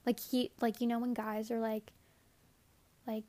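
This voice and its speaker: A woman's voice: a little high, little pitch movement, unhurried, warm tone. A young adult woman telling a candid, profane story in a casual monologue. She rambles, says "like" often and acts out her own thoughts in quotes.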